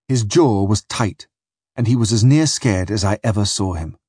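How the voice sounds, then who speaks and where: A man reading a first-person adventure story aloud with vivid, dramatic storytelling in a husky voice. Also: fairly low pitch, normal speed, mellow, no echo, studio quality. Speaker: narrator.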